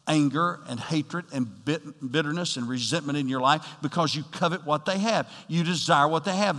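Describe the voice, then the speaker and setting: A man's voice: fairly high pitch, a bit bright, in a large hall. A male pastor preaching a sermon, building to emphatic bursts and talking straight to the congregation. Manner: preaching with rising emphatic bursts and direct address.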